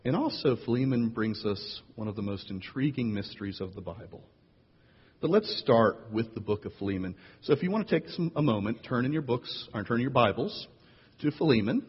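A man preaching a sermon as pastor, playful and animated, jumping up in pitch to tease and draw in his listeners. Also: a little fast, husky. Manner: playful, animated storyteller with big jumps in pitch. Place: church sanctuary. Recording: lo-fi echoey hall recording.

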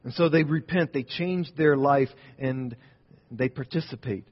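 A man preaching a sermon, telling a story as he builds to loud points and drops to quiet ones. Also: medium pitch, unhurried. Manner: storytelling, rising and falling in volume. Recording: dull sound in a reverberant hall.

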